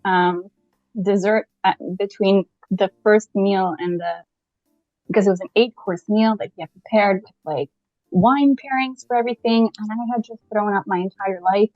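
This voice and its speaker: Animated woman telling a story, laughing often. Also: medium pitch, normal speed, no echo, dull audio, soft background music. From Canada. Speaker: podcast guest. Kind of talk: casual storytelling.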